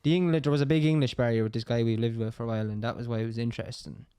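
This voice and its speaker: A man's voice: medium pitch, fairly even intonation, very fast, mellow, clean tone, dry recording. A young Irish man telling rambling, laugh-filled stories in a casual pub chat. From Ireland. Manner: rambling storyteller, laughs often. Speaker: co-host.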